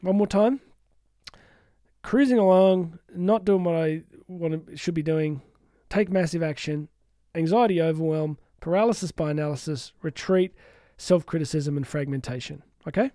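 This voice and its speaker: A man's voice: fairly high pitch, moderate pace, dry recording, clean studio sound. A man giving a candid motivational talk as a life coach, joking at his own expense and acting out his inner voice in mock quotes. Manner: candid, self-mocking, animated asides.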